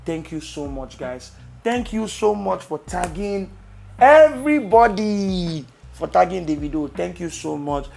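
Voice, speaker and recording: A young Nigerian man with a Nigerian accent, casually telling travel stories to camera with loud exclamations. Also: fairly high pitch, normal speed, gravelly, a little hiss or hum. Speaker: vlogger.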